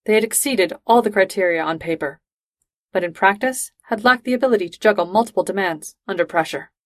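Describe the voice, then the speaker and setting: A woman reads fan fiction aloud in a steady, even voice. Her pitch sits comfortably in the middle. The recording is dry and close, with no room sound. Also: a little fast, dry recording. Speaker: reader.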